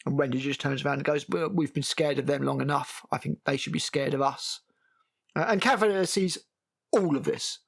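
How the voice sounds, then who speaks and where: A man's voice: fairly high pitch, creaky. A man giving a casual, exasperated, sweary spoken TV review. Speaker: TV critic.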